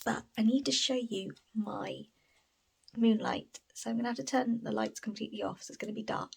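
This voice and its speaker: At home, a woman who runs a book vlog talks about what she's been reading in a loose, chatty, meandering way, filling gaps with plenty of "like." Her medium-pitched voice is gravelly and a little rough, and the recording is dry.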